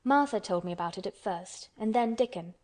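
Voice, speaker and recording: A woman's voice: mid-range voice, expressive, a little fast, darkish tone, lightly acted. A woman voicing a blunt, stubborn young orphan girl who speaks earnestly in a storybook. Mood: eager. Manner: earnest, contrary storybook telling.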